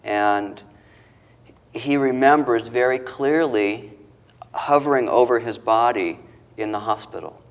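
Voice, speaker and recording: A man's voice: mid-range voice, unhurried. A male author and interview guest who retells moving stories, acting out the quoted voices and getting choked up. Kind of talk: emotional storytelling interview.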